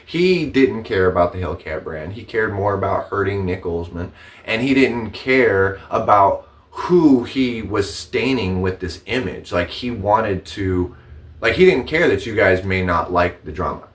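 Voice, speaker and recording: A man with a fairly low voice rants to camera about a feud, swearing freely and circling back over his points. He sits a little back from the microphone, so the sound is slightly distant. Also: expressive, measured pace. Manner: profane, repeats himself, rising indignation. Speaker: vlogger telling his side of a dispute. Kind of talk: casual, heated storytelling to camera.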